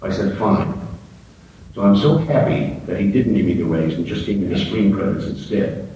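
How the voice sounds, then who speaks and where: An older man tells stories from his career in a fairly low voice, with fillers in an easy, anecdotal way. He is recorded from a distance in a very echoing auditorium, with a crowd and hiss behind him. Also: animated, brisk, mellow, lo-fi sound. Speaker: guest speaker. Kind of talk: storytelling talk with voice impressions. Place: university auditorium. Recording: distant mic in echoing hall with audience and hiss.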